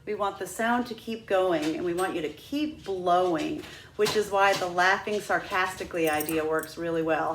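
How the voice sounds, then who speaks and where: A woman's voice: fairly low pitch, moderate pace, reverberant, slight background noise. A woman teaching a flute lesson, patient and demonstrative, walking students through each step. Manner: patient, demonstrative, breaks into sung "ha ha" drills. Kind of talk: instructional lesson.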